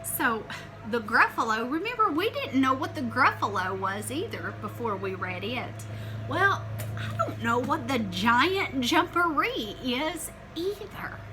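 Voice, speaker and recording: A woman teacher reading a picture book aloud to children, animated and asking them questions as she goes. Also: high voice, unhurried, music in the background, low-quality recording. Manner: animated, asks the listeners questions.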